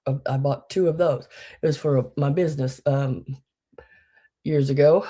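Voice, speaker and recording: A woman's voice: rumbling low, steady tone, normal speed, pauses often, slightly rough. A woman hosting a live vintage sale stream, chatting in a folksy way and greeting viewers by name. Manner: drops into soft muttering asides. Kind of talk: casual live-stream chat.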